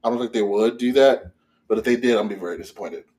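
A man's voice: on the low side, fast. A man co-hosting a podcast who talks animatedly and swears in casual chat. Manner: animated, swears, mimics voices while telling stories. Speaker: podcast co-host.

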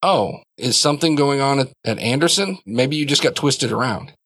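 A man's voice: medium pitch, animated, moderate pace, fairly bright tone, no room sound, voice pushed up. A man voicing a patient, dryly polite female hospital receptionist in a tabletop game.

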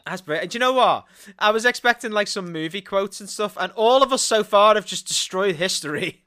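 Bright, giggly podcast co-host voice. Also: medium pitch, lively intonation, brisk. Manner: laughs constantly, loud and giddy; swears freely. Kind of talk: casual comedy banter.

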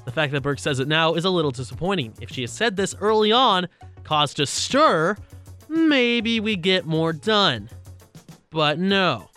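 A man's voice: fairly high pitch, lively intonation, unhurried, sharp tone, soft background music. A man hosting his own talk show, giving casual, opinionated commentary with lots of asides. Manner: conversational and opinionated, with frequent asides and restarts. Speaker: radio-style show host.

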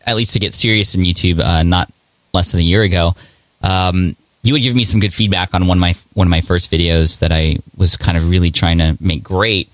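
A man hosting a podcast interview, talking in a conversational, halting way with many fillers. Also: low-pitched, steady tone, a bit bright, dry recording. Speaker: podcast host. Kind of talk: casual interview.

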